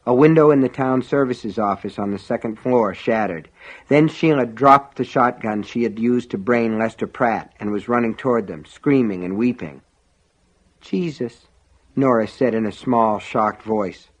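A man narrating a novel in an even, measured reading. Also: medium pitch. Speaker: audiobook narrator. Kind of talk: scripted audiobook narration. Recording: dull lo-fi audio.

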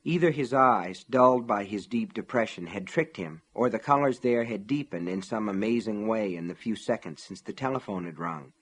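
A man narrating an audiobook in a measured, steady storytelling voice. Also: fairly low pitch, husky.

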